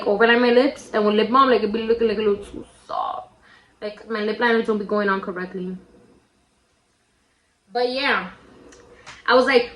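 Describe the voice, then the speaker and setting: A woman's voice: a little high, a bit bright. A young woman telling a childhood story in a casual, slangy way while doing a makeup tutorial, shrieking when she quotes her friends. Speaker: makeup vlogger. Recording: roomy echo.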